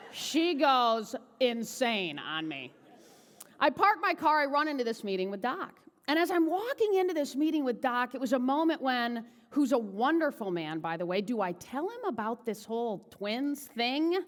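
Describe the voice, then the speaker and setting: Keynote storyteller, woman, bright higher voice, lively delivery, hall reverb. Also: moderate pace. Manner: animated, chatty, tag questions to audience. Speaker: motivational keynote speaker. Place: large event hall.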